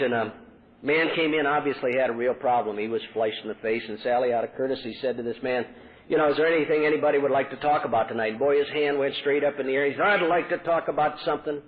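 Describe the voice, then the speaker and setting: Man telling his recovery story. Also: medium pitch. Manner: storytelling, acts out quoted voices. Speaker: AA speaker. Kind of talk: recovery talk to a meeting. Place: convention hall. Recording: tinny lo-fi 1980s tape with hiss.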